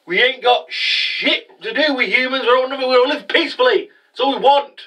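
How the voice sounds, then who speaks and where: A man's voice: extremely high pitch, normal speed, pushed and bright, recorded from a distance, voice pushed up. A man voicing a homesick male AI creature who pleads in a raised voice. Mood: pleading.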